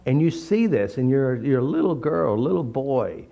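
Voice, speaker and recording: A man giving an informal, blunt teaching talk full of jokes and animated stories. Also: medium pitch, moderate pace, vocal fry. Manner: blunt, joking, animated storytelling. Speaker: therapy method teacher. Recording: slightly dull recording.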